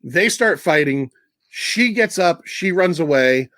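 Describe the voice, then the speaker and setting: A man hosting a casual movie podcast, retelling scenes with a laugh and quick put-on voices. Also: a little high, lively intonation, pushed and bright, no room sound, studio quality. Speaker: podcast host.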